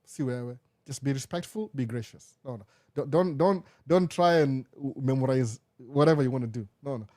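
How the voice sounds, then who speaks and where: A young Kenyan man with a Kenyan accent hosts a casual live Q&A chat, moving back and forth between Swahili and English. His mid-range voice has a dark tone and keeps a normal speed.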